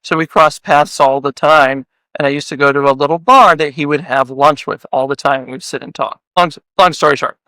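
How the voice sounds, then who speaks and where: A man's voice: a little high, brisk, few pauses, pushed and bright, smooth, no room sound, rough recording. A man hosting a podcast interview, joking around and firing off playful hypothetical questions in casual chat. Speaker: podcast host.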